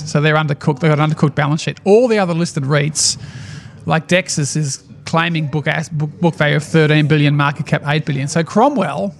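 An Australian man with a somewhat high, gravelly voice co-hosts a casual finance chat. He tells stories fast and animatedly, dropping wry asides along the way. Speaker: podcast co-host, shareholder activist.

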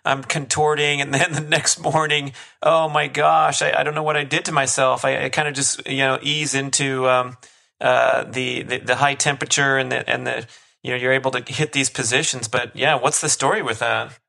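Gravelly, bright casual male host. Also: medium pitch, little pitch movement, normal speed. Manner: easygoing, self-deprecating, hesitant fillers. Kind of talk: casual chat.

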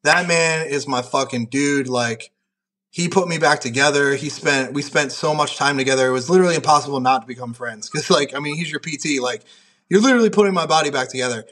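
A young man with a fairly high, fast, slightly bright voice guests on a podcast as a powerlifter and referee. In casual chat he tells rambling, profane stories and leans heavily on "like."

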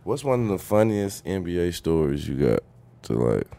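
A man's voice: low-pitched, big pitch swings, normal speed, gravelly, mellow, dry recording. A man hosting a casual interview podcast, asking short, laid-back questions. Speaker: podcast host.

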